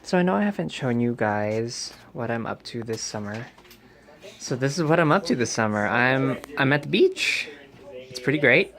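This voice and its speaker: Man, casual beach vlog chat, rambling and offhand, middle pitch. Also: animated, moderate pace, a bit bright.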